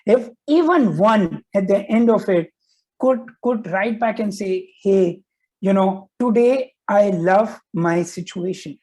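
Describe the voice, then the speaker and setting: Man, podcast guest; warm, breathy tone, sincere and hesitant delivery. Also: high voice, expressive, rough recording. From India. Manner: earnest, halting, many fillers. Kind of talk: casual interview chat.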